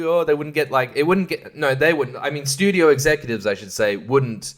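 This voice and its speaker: A man's voice: on the high side, normal speed. A young man talks loosely through a film review, rambling and sarcastic. He laughs often and slips into mocking voices to make fun of what he describes. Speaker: podcast host reviewing films. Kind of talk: casual film review monologue.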